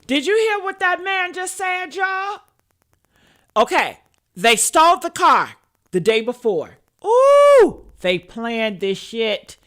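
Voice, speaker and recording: A woman with a bright, ringing voice hosts a live stream and reacts to news footage. Her speech swings widely in pitch as she talks bluntly to her viewers, swearing freely. She sits a little higher than most women. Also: slow. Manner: animated, blunt and profane, talks straight to viewers. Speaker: host.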